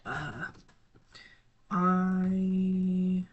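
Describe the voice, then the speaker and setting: A teenage gaming creator talking casually to viewers, halting and scattered, with many restarts and trailing thoughts. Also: medium pitch, husky, lo-fi sound. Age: teens. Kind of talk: casual rambling talk to viewers.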